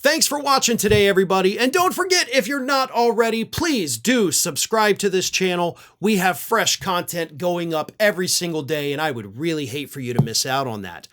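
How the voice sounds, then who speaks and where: A man with a high voice hosts a solo political commentary. His pitch rises and falls in lively swings, and he talks in an earnest, emphatic way. He addresses his viewers directly. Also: normal speed, few pauses. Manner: earnest, emphatic, reads quotes aloud.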